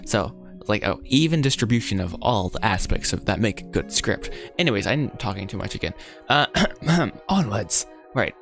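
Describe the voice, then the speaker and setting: A man livestreaming as he rewrites his animated film script, thinking aloud in a rambling, self-deprecating way that easily goes off track. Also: fairly low pitch, moderate pace, creaky, over music. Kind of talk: casual live-stream thinking aloud.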